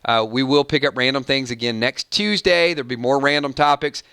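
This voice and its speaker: Bright, crisp-voiced male stream host. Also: mid-range voice, fairly quick, dry recording, clean studio sound. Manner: sings snippets of songs, playful and animated. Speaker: livestream host. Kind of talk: casual live-stream chat.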